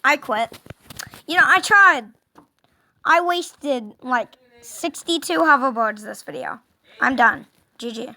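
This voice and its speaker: A woman giving casual gaming commentary, excitable, yelping and groaning at the game and talking to herself. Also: sits high, slow, long pauses. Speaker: gameplay commentator.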